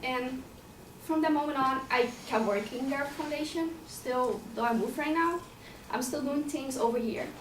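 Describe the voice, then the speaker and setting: She speaks at a normal speed in a high voice, telling a personal story casually and plainly, with some repetition and the odd swear word. The recording has slight background noise and the roomy, faintly ambient sound of a far-off mic.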